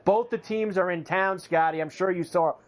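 A man co-hosting sports radio, talking in a relaxed way with lots of "uh" fillers. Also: high-pitched, moderate pace. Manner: relaxed, filler-heavy talk with frequent "uh". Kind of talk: casual sports talk.

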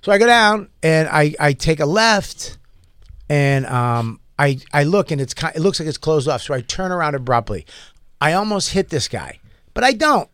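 A man tells a story in casual chat, rambling and animated, with profanity scattered through. His voice sits slightly high and swings around a lot. The sound is dry and close. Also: moderate pace, clean tone, no room sound. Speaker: podcast storyteller.

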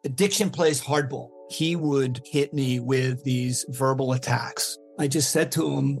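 A man's voice: mid-range voice, fairly even intonation, measured pace, hardly any pauses, faint music behind. A man giving an earnest, reflective testimonial in an ad. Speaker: speaker in a recovery-center ad. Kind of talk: testimonial ad narration.

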